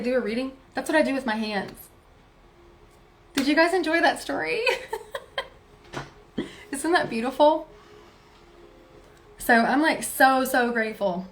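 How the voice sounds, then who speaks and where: Chatty woman with a higher voice. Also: a little hiss or hum. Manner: chatty, many filler words, soft laughs. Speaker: spiritual reader. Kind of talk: casual storytelling to viewers.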